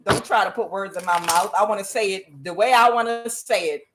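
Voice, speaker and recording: A woman's voice: medium pitch, a little fast, natural voice. A woman voicing a brash, egotistical older male president who talks bluntly and swears. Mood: angry. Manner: blunt, defiant, profane.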